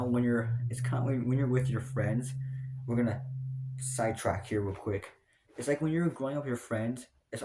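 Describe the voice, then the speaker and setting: A man's voice: mid-range voice, a little mellow. A young man ranting casually to camera, rambling with many restarts and fillers. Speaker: vlogger. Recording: roomy echo.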